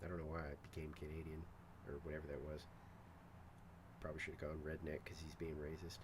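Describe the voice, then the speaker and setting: A man's voice: very deep voice, completely flat delivery, quick pace. A man streaming a game, talking casually to himself and laughing as he plays. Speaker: gaming streamer. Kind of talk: casual gameplay commentary. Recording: rain noise behind.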